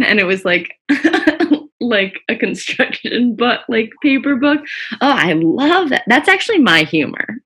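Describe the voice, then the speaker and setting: Husky-voiced playful woman co-host. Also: on the high side, big pitch swings, a little slow, fairly bright tone, no echo. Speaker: podcast co-host. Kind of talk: casual chat.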